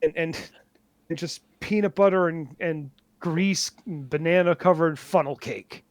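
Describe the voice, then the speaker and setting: A man co-hosting a casual podcast, joking deadpan and tripping over restarts and fillers. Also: fairly high pitch, a little slow, no echo. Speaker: podcast co-host.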